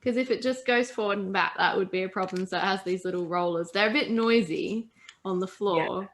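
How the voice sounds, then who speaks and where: A woman's voice: mid-range voice, a little fast. Chatty Australian woman in group chat. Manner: chatty, laughs while telling anecdotes. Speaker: podcast host.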